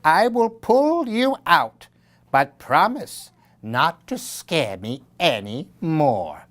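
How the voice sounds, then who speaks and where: A man voicing a lonely, easily frightened little old lady in a children's story, with high, excited exclamations. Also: takes it slowly, full character voice. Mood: kindly.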